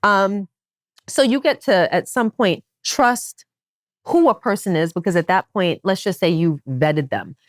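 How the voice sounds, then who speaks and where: A woman hosting a podcast, talking in a casual chat style and making her points with animated emphasis. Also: measured pace, no echo, studio quality. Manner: animated and emphatic, with wide swings in pitch. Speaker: podcast host.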